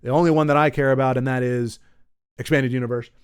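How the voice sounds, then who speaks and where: A man's voice: medium pitch, steady tone, fast, smooth, no room sound, studio quality. A man hosting a comedy podcast, telling rambling stories with self-deprecating asides and lots of trailing off. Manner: pained yelps while wincing. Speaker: podcast host.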